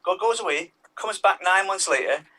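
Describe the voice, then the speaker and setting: A man doing a stand-up comedy set over a video call, talking in an animated way and jumping into voices for his characters. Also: high voice, moderate pace, far from the mic, low-quality recording.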